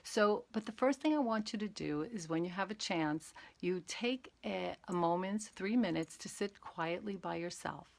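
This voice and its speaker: A woman teaching mindfulness on a live stream, calmly talking listeners through breathing exercises step by step. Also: fairly low pitch, moderate pace, gravelly, hardly any pauses. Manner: calm, gentle, talks exercises through step by step. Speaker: meditation and awareness teacher.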